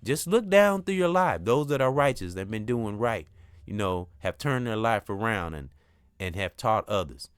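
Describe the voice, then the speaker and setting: A man's voice: on the low side, clean tone, no room sound. Middle-aged guy talking spiritual stuff, earnest and repetitive like a preacher, dry close mic. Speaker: host of a spiritual talk channel. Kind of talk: casual spiritual monologue.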